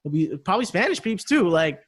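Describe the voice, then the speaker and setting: Slangy guy on a podcast, kinda high voice, acts out the back and forth while he tells it. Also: big pitch swings, fairly quick, background noise. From United States. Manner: loose storytelling with slang, acting out both sides of a text exchange. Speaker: podcast co-host. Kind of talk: casual chat.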